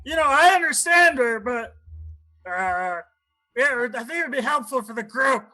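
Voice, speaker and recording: A man's voice: very high voice, expressive, normal speed, pushed and bright, full character voice. A man voicing a greedy, self-important frog prince in a tabletop game, fussy and hesitant.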